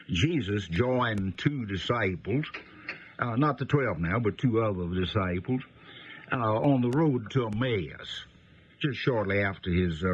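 Man, Bible teacher, unhurried and folksy, pausing often, muffled old radio recording. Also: lowish voice, slight background noise. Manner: folksy, unhurried, explaining with many pauses. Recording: dull lo-fi radio broadcast.

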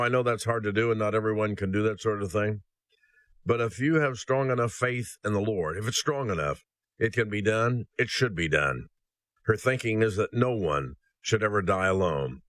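A man preaching a sermon, telling a story aloud in an earnest, slow and solemn way. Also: fairly low pitch, a bit bright, no room sound. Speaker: ministry host.

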